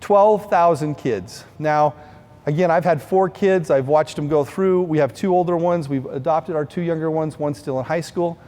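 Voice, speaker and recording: A man's voice: fairly high pitch, normal speed, dark tone, in a large hall. A middle-aged man giving a heartfelt storytelling speech at a fundraising event, speaking earnestly to the audience.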